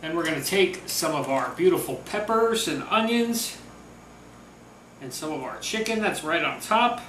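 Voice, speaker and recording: A man's voice: fairly high pitch, lively intonation, normal speed, recorded from a distance, noisy background. A man chatting casually through a home cooking demo, upbeat and talkative. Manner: chatty, upbeat, talks with mouth full. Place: home kitchen. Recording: roomy echo, voice from off-mic. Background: sizzling food on a grill.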